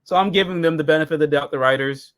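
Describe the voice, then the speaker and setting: A man co-hosting a casual episode review, profane and excitable, jumping into silly quoted voices. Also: on the high side, very fast.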